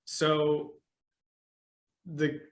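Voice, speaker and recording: A man's voice: on the high side, monotone, drawn-out words. A young adult man hosting a podcast, asking brief follow-up questions in a casual way. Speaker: podcast host. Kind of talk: casual interview.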